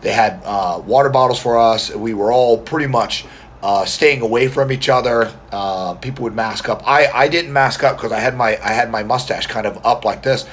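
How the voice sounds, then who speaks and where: A man with a scratchy, strained voice, chatting quietly and rambling in a casual vlog, filmed on a phone indoors. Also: mid-range voice, moderate pace. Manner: talking quietly to spare his voice; rambling, friendly, many fillers and restarts. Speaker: mustache vlogger.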